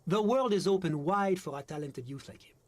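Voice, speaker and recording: A man's voice: high voice, animated, fairly quick, darkish tone. A man voicing a smug, evasive game character with a pompous, flowery way of talking.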